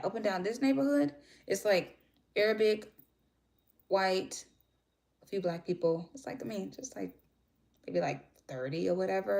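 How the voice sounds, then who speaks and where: A woman's voice: lowish voice, creaky. A young woman, chatting casually to her viewers and rambling through stories. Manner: chatty, rambling, animated storytelling. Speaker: vlogger.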